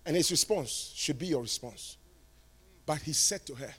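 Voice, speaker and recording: A male preacher giving a sermon, moving from quiet talk to shouted, sing-song preaching. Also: a little high, animated, moderate pace, slightly rough. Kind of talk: sermon at a conference.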